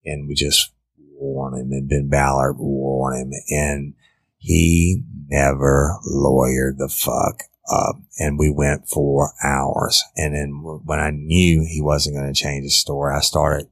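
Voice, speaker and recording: A middle-aged former detective, telling a case story in a blunt, profane, casual way. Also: male voice, extremely low pitch, level tone, slow, no room sound, faint music behind. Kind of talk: casual true-crime storytelling.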